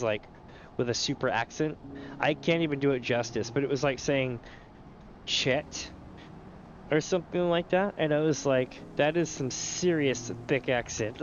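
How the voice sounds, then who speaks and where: A man's voice: mid-range voice, lo-fi sound, slight background noise. A man streaming a game, chatting casually with his viewers in a rambling way that is full of casual swearing. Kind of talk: casual gaming stream chat.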